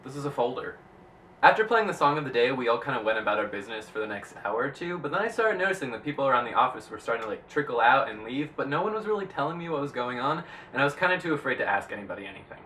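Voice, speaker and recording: Young man, bright forceful voice, chatty rambling vlog, a bit far from the mic, faint hum behind. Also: mid-range voice, racing. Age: young adult. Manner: chatty and rambling, lots of "like", excitable bursts. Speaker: vlogger. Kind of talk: casual vlog monologue.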